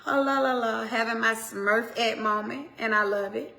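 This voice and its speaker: Gravelly, bright-voiced woman preacher urging. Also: a little high, steady tone, moderate pace. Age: 40s. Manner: emphatic and repetitive, swinging between loud urging and soft asides. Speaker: minister. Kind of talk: motivational preaching to viewers.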